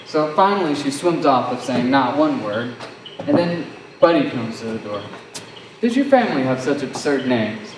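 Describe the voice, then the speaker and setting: A teen actor as a wordy, sardonic young suitor on a school stage. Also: male voice, mid-range voice, animated, moderate pace, crowd noise, natural voice. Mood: storytelling. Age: teens. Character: fast-talking self-assured young man courting. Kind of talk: high school stage play. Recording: roomy, distant mic, faint noise.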